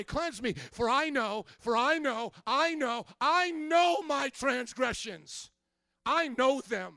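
A man, a pastor, preaching a confrontational sermon that swings from hushed confession to shouting. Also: extremely high pitch, animated, slow pace, gravelly, dry recording, studio quality.

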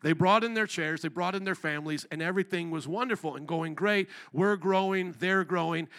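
A man's voice: high voice, fairly quick, a bit bright. A man preaching as a pastor at a church service, telling a story in a casual, conversational way. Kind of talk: sermon.

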